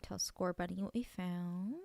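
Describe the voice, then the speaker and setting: A woman streamer chatting casually while she plays a video game, gushing over cute things and often dropping to a soft near-whisper. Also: lowish voice, steady tone, unhurried, creaky, dry recording. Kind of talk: casual let's-play chat.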